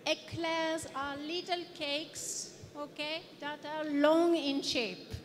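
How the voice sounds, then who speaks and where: A woman's voice: high voice, steady tone, takes it slowly. A woman from France with a French accent, giving a playful interactive lecture and quizzing her audience. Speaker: guest lecturer. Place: conference hall. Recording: reverberant hall.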